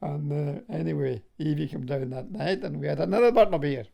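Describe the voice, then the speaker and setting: A man's voice: a little high, a little fast, gravelly, dark tone. An older man from Scotland, a war veteran telling stories in an interview, chuckling and often adding "like, you know". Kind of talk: reminiscing in an interview.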